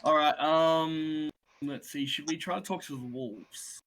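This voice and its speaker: A man's voice: on the high side, unhurried, fairly bright tone, slight background noise. A man playing a tabletop game, casual and hesitant, laughing easily. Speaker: player.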